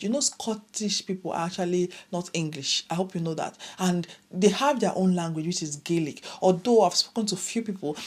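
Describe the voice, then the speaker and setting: Woman, 30s, low-pitched, casual vlogger with lively laughs. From Nigeria. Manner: chatty, laughs often, animated asides. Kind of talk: casual vlog chat.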